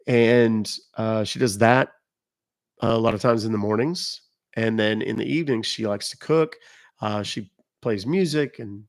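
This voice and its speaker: A man's voice: lowish voice, unhurried. A middle-aged man chatting casually on a live stream, rambling and joking as he reacts to viewer comments. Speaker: live streamer reading chat.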